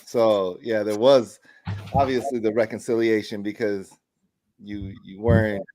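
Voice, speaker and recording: A man co-hosting a podcast in casual chat, telling stories with animated, acted-out quotes. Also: fairly low pitch, unhurried. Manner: animated storyteller acting out quoted arguments. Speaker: podcast co-host.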